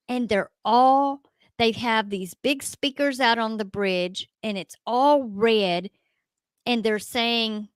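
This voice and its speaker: A middle-aged woman, a ghost hunter guest telling an emphatic, animated story in a radio interview. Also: on the high side, clear, resonant tone, no echo.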